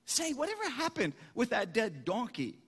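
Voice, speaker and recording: A preacher voicing a farmer in a joke, in a fairly everyday voice. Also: male voice, very high-pitched, huge pitch swings, normal speed, fairly bright tone, breathy edge, heavily acted. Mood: incredulous. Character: plain-spoken farmer man, sheepish. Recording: echoey hall.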